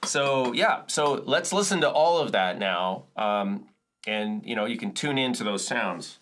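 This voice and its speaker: A man's voice: medium pitch, lively intonation, a little slow, a bit bright, slight background noise. A man teaching percussion and chords in a casual, self-correcting way, explaining step by step. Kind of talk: relaxed music lesson walkthrough.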